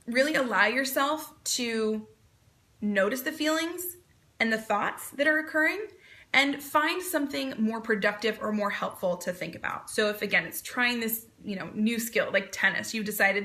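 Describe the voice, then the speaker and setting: Bright-voiced woman coach giving calm advice. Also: on the high side, normal speed. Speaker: performance coach. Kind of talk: Facebook Live talk.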